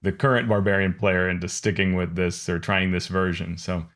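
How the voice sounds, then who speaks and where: A man's voice: deep voice, little pitch movement, normal speed, a bit bright. A man co-hosting a tabletop gaming podcast, talking casually and wryly with frequent fillers. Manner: wry, thinking aloud with fillers. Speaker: podcast co-host.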